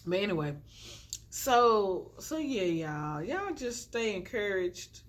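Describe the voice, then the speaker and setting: This young adult woman speaks slowly and very animatedly in a mid-range voice. Filming herself from the floor at home with a phone on a tripod and a ring light, she offers chatty, preachy encouragement to her audience, saying "y'all" over and over.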